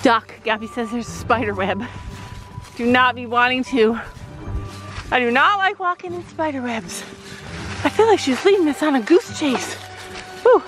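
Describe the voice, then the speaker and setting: A woman's voice: sits high, normal speed, long pauses, a bit bright, soft background music, low-quality recording. A woman chatting upbeat to camera in a casual vlog while walking outdoors on a farm, laughing often. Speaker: vlogger, mother. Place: outdoors on a farm, walking through woods and fields.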